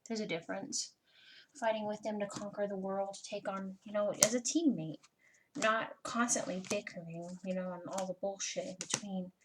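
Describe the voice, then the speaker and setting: A woman's voice: mid-range voice, steady tone, moderate pace, noisy background. A woman giving a casual personal tarot reading, chatty and swearing freely, with lots of "you know" fillers. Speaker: tarot reader.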